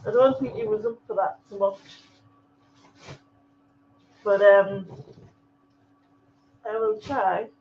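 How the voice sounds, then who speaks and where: A woman's voice: mid-range voice, fairly even intonation, slow, long pauses, breathy edge. A woman hosting a livestream, casually rambling through viewer comments with frequent ums and laughs. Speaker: livestream host. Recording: dull lo-fi livestream audio.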